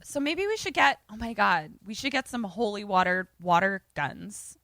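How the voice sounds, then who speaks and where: A young woman co-hosting a podcast, casually recapping a movie in animated fashion, acting out the characters' lines and swearing freely. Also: medium pitch, moderate pace, gravelly, no echo, clean studio sound. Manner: animated storytelling with quoted voices, frequent swearing. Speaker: podcast co-host.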